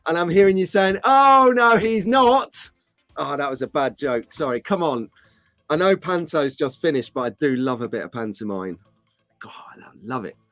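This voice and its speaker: A man with a slightly high voice, recorded with no echo, hosts a live slot car stream. He chats casually with viewers in the chat, rambling and joking.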